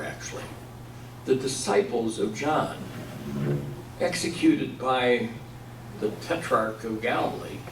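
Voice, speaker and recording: A man leads a Bible study in a church hall, putting questions to the group and then supplying the answers. His voice is mid-range, with background noise, and the distant mic picks up a lot of room echo.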